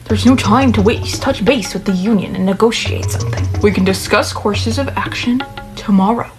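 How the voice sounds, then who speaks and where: A woman's voice: mid-range voice, moderate pace, close to an everyday voice. A woman voicing a stern, demanding businessman father who scolds his son. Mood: scolding. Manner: harsh, scolding. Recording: clear music underneath.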